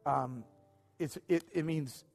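A man's voice: fairly high pitch, slow pace, creaky, darkish tone, big-room sound, soft background music. A man preaching as the pastor of his church, earnest and informal, stumbling over his words when he is moved. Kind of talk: sermon. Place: church sanctuary.

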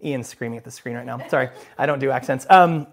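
A man's voice: mid-range voice, fast. A male pastor giving a sermon in a conversational, joking style, breaking into self-deprecating asides.

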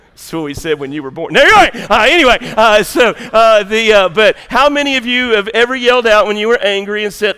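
A male pastor with a Southern US accent preaching a sermon. He talks in a folksy, joking way and works up to loud, emphatic preaching. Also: high voice, clean tone, in a large hall. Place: church sanctuary.

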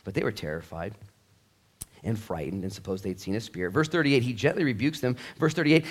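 A middle-aged man preaching a sermon in a church, animated, acting out dialogue and swinging between loud bursts and hushed asides. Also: fairly low pitch, brisk, husky. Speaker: pastor.

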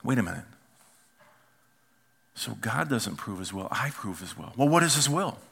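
A man preaching a sermon as pastor, animated, acting out quoted voices and dropping to quiet asides. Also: mid-range voice, normal speed, vocal fry, slightly rough.

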